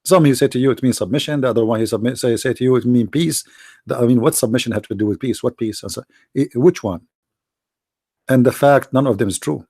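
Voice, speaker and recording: A man's voice: medium pitch, fast talker, a little mellow, dry recording, studio quality. A man with an Arabic accent hosting a live call-in debate stream, asking insistent, challenging questions. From Middle East. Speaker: debate livestream host.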